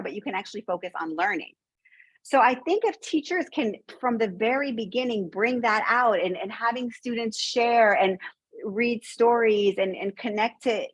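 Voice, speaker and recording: A woman's voice: medium pitch, breathy edge, no echo, poor audio. A woman from the Soviet Union, raised in the United States, with an American accent, speaking as a panelist in a conversational way and often tagging her points with "right?". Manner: conversational, frequent "right?" tag questions. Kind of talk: academic panel discussion.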